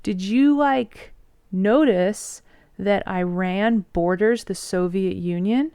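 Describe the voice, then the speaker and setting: A woman's voice: medium pitch, takes it slowly, warm tone, clear, resonant tone, no echo, clean studio sound. A woman voicing scheming male officials who coax with leading, wheedling questions.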